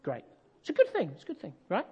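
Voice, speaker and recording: A man's voice: high-pitched, huge pitch swings, fast talker, husky, highs cut off. An English man preaching a sermon, telling a family story in a conversational way with self-deprecating humour.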